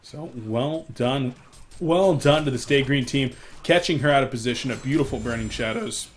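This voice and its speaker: A young man casting a live esports match alone, excitable in fights and stopping to apologize to viewers for his hiccups. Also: normal speed, a little hiss or hum. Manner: excitable, rises sharply in loudness and pitch during fights. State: has the hiccups. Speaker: esports caster. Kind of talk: solo live game commentary.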